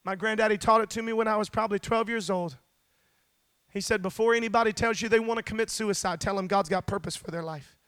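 A man preaching a fervent sermon, calling on the congregation to answer back, swinging between loud shouted lines and hushed ones. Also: high-pitched, steady tone, quick pace, smooth, dry recording, studio quality.

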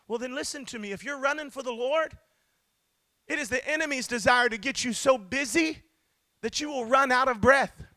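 A man, building from quiet storytelling to impassioned, shouted peaks. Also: very high-pitched, dry recording. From United States. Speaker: preacher. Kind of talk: sermon.

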